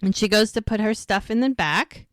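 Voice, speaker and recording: A woman's voice: medium pitch, normal speed, dry recording, clean studio sound. A woman co-hosting a podcast, casually retelling scenes blow by blow and acting out the characters' lines. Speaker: podcast co-host. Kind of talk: casual episode recap.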